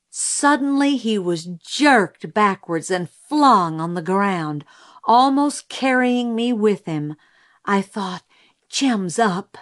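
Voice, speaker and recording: A woman narrating an audiobook in a measured, steady storytelling manner. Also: mid-range voice.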